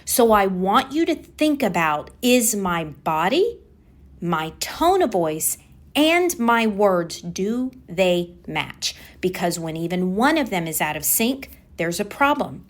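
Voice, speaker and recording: A woman's voice: mid-range voice, sing-song, slow. A woman hosting a solo coaching podcast on communication, talking with energy and stressing key words by repeating them.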